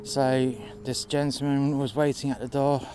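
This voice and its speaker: A man's voice: mid-range voice, little pitch movement, moderate pace. A man telling a sweary, exasperated story about his job, recorded outdoors in the cold. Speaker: narrator telling a work story. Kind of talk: casual storytelling. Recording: music playing behind. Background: music.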